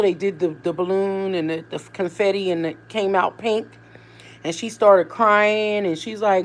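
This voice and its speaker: A woman's voice: medium pitch, unhurried. A woman vlogger and mother talking casually to her viewers, rambling from one thought to the next. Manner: rambling, conversational, animated asides. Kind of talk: casual chat to camera.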